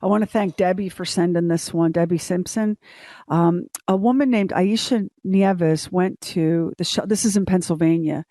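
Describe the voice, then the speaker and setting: A woman's voice: lowish voice, steady tone, moderate pace, mellow, dry recording. A middle-aged woman co-hosting a morning show, telling a story in a casual, emotional way. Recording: dry studio sound.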